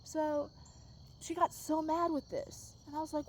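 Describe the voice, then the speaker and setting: Woman, slightly high voice, casual venting vlog, handheld phone outdoors, rambling, soft then loud and exasperated. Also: flat delivery, measured pace, slight background noise. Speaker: vlogger. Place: outdoors in a backyard garden at dusk.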